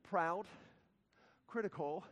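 A male pastor delivers a sermon in a slightly high voice, moving from ringing, emphatic declarations down to hushed, slow words. His voice carries a long reverb from a church sanctuary. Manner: impassioned preaching with wide swings from loud to hushed.

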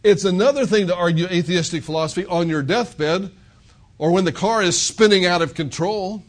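A man's voice: high-pitched, moderate pace. A male pastor preaching an expository sermon in a conversational, emphatic way, full of rhetorical questions.

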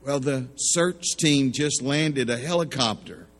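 A man's voice: medium pitch, slow. A man preaching a sermon in a folksy way, telling jokes and acting out the voices in his stories. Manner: folksy joke-telling, acts out voices in anecdotes. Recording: long hall reverb.

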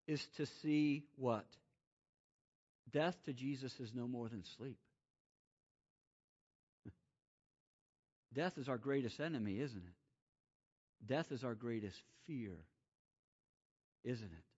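A man preaching a sermon, swinging from loud, rising exclamations to quiet, hushed emphasis. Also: medium pitch, slow pace, pauses often. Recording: muffled lo-fi sound.

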